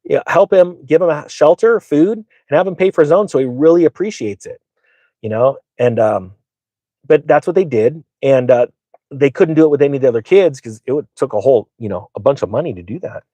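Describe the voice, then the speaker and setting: A man's voice: on the high side, expressive, fairly quick, dark tone, dry recording. A middle-aged man hosting a finance channel, telling a rambling, boastful story with lots of fillers. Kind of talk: casual storytelling monologue.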